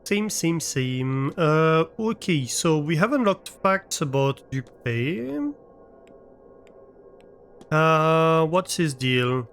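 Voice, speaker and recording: Male streamer, slightly raised pitch, unhurried, thinks aloud and chats with viewers. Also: big pitch swings, a bit bright, clear, resonant tone, soft background music. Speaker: live streamer. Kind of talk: casual chat while playing a game. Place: his own room at home.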